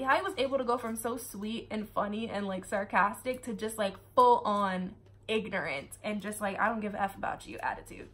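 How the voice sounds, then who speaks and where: A woman's voice: a little high, a bit bright. A woman reviewing a book in a casual, chatty way, full of sarcastic asides and laughter.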